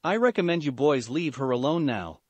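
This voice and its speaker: A man voicing a calm, stern young male protector in a fan-fiction story reading. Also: on the high side, normal speed, no echo.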